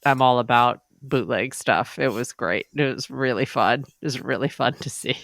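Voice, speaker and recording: A woman's voice: a bass voice, moderate pace, fairly bright tone, no echo, studio quality. A woman co-hosting a podcast in casual chat, rambling and chatty. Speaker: podcast co-host.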